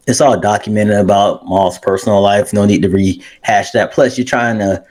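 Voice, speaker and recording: A laid-back man co-hosting a sports talk show. His voice sits fairly low for a man, and he talks easily, with a lot of fillers. He weighs in on the discussion in a casual, conversational way. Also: steady tone, normal speed, darkish tone.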